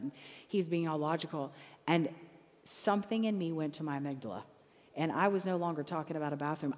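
Storytelling woman with a lowish voice in a reverberant hall. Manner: conversational, animated retellings of her own arguments. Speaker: Christian speaker. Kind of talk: personal storytelling talk.

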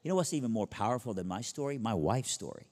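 A man's voice: mid-range voice, expressive, fast, a little mellow. A pastor, originally from Iran, telling his own conversion story in an earnest, conversational way, with punchy paired contrasts. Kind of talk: personal testimony talk. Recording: long hall reverb.

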